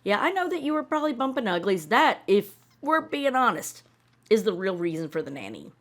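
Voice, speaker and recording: A woman's voice: medium pitch, big pitch swings, brisk, a bit bright. A woman commenting on a reality show in a blunt, sarcastic, swearing rant. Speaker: reaction video host.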